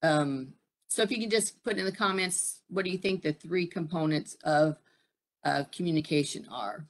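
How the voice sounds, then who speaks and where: A middle-aged woman presenting a live-streamed workshop, pausing often with fillers and putting questions to her audience. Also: on the low side. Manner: frequent fillers and pauses, asks the audience questions. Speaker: presenter at a military family program.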